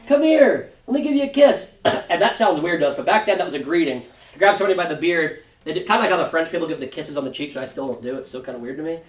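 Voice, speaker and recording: Pastor, man, casual animated Bible teacher; mic set far back in an echoey room. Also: a little high, very fast. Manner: conversational, animated retelling. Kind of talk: Sunday school Bible teaching. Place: church classroom. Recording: roomy room, distant mic.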